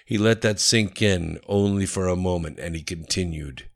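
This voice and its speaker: A man narrating a thriller audiobook in a measured, even reading. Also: low voice, vocal fry.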